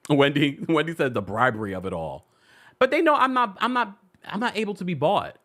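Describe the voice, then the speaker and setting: A man's voice: a little high, big pitch swings, brisk, fairly bright tone. A man hosting a celebrity gossip show, chatting casually with his live audience in a playful, teasing way, laughing often. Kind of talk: casual commentary to a live chat.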